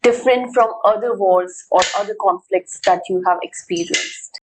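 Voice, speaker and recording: A woman hosting an interview, asking questions and thanking her guest in a polite, measured way. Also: mid-range voice, background noise. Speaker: host.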